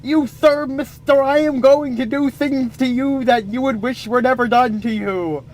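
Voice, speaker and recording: A man voicing a prim, fancy young woman in a high falsetto with breathy squeals. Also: steady tone, a little slow. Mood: haughty.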